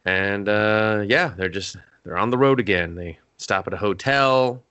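Low bright-voiced man recapping. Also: unhurried, clean tone, no echo, lo-fi sound. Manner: rambling recap, loose and joking. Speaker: podcast co-host. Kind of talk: casual chat.

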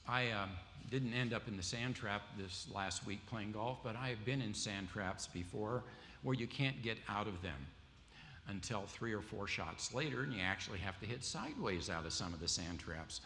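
Speaking at a moderate pace, this preacher has a fairly low, bright and forceful voice. He's an adult with a wife and kids who tells stories and quizzes his congregation, and the audio has a little hiss or hum, long hall reverb and faint background ambience.

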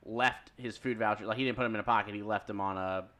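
An earnest man with a somewhat low voice talks through ideas slowly and carefully. He often agrees with a plain "correct" and thinks aloud with frequent pauses. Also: fairly even intonation, fairly bright tone. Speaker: podcast co-host. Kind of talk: casual discussion.

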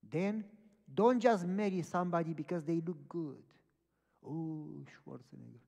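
A man's voice: high-pitched, moderate pace, mellow. A man preaching a sermon, telling a story with emphatic repeated phrases. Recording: long hall reverb.

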